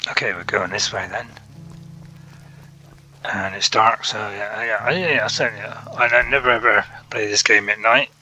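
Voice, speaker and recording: A man's voice: fairly low pitch, fairly even intonation, normal speed, pushed and bright, a little hiss or hum, poor audio. A man hosting a casual gaming video, chatting and joking over his gameplay through a console app mic. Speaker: gaming channel host. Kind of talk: casual game commentary. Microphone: console app chat mic.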